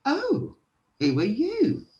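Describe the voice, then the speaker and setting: A reader doing sweet, bright Snow White. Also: sits high, huge pitch swings, drawn-out words, muffled recording, voice pushed up, exaggerated voice. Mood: gentle. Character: kind cheerful young woman Snow White.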